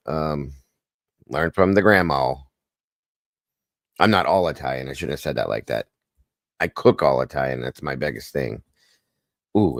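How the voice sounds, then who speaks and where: A man's voice: extremely low pitch, no echo, studio quality. A man hosting a casual livestream, chatting and greeting viewers by name one after another. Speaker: livestream host.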